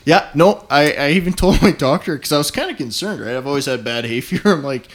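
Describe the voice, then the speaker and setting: A man from Canada telling hunting stories in casual talk, animated and swearing, acting out what people said. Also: on the high side, quick pace, hardly any pauses. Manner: animated, swearing, acts out quotes. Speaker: guest hunter. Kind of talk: casual storytelling.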